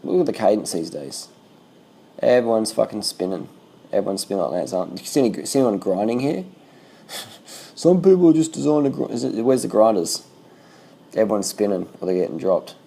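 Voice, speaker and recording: A man giving casual, excitable running commentary over bike race footage, swearing freely and repeating himself. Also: lowish voice, fairly quick, vocal fry, long pauses, breathy edge.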